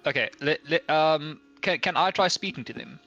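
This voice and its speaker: A man's voice: fairly high pitch, moderate pace, sharp tone, lo-fi sound, soft background music. A man playing a tabletop game, speaking in character hesitantly, stammering, with polite formal phrasing. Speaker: player. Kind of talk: casual in-character play.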